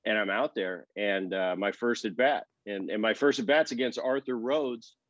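Animated storytelling ex-ballplayer man. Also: lowish voice, moderate pace, no echo. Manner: animated storyteller, acts out quoted dialogue. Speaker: former baseball player, guest. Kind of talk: relaxed storytelling interview. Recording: dry, slightly dull sound.

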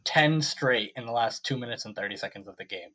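A man's voice: medium pitch, fairly quick, bright, forceful tone. A young man co-hosting a casual sports podcast, rambling with lots of fillers and restarts. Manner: rambling, full of likes and restarts. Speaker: podcast co-host. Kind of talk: casual chat.

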